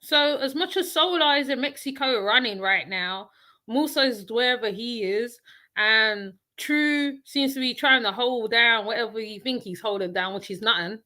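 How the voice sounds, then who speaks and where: A woman's voice: fairly high pitch, normal speed, bright, forceful tone. Blunt, rambling woman reacting to a clip. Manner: blunt, rambling, repeats herself. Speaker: reaction commentator. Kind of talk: casual reaction commentary.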